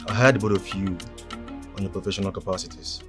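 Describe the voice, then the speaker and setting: A man's voice: low-pitched, steady tone, music in the background, lightly acted. A man playing a menacing secretive boss. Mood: threatening. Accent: Nigerian. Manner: firm, threatening, measured. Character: menacing secretive boss hiring two men. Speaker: employer. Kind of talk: film acting.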